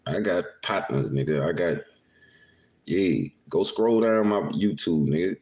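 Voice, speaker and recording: Low, expressive and unhurried, this man's voice has a darkish tone. Indoors at home, he runs a laid-back livestream podcast, swearing freely, laughing a lot and talking directly to his viewers in the chat.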